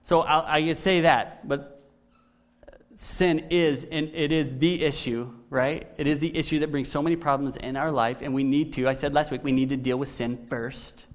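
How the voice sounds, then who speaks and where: A man's voice: a little high, steady tone, moderate pace. A male pastor preaching a sermon in a conversational way, often checking in with "right?".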